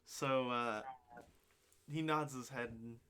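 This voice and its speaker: Male game master, mid-pitched, hesitant narration full of fillers. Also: steady tone, takes it slowly, sharp tone, slight background noise. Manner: hesitant, lots of ums and uhs.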